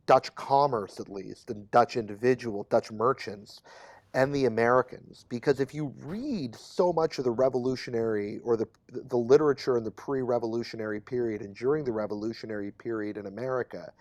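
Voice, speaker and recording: A man hosting an interview, asking long, measured questions that build slowly. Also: mid-range voice, dry recording. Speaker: podcast host.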